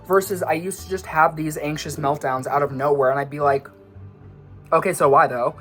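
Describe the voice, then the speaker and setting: A man's voice: on the high side, steady tone, moderate pace, fairly bright tone, soft background music. A young man, a vlogger and musician, talking in a casual rambling monologue, a little out of breath, jumping between tangents and poking fun at himself. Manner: scattered, tangent-prone, self-mocking. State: slightly out of breath.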